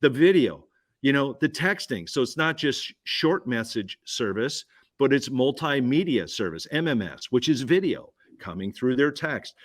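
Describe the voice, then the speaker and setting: Punchy man pitching ideas. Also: sing-song, moderate pace. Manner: punchy, repeats key phrases, asks listener questions. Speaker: guest speaker. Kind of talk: energetic pitch at a business roundtable.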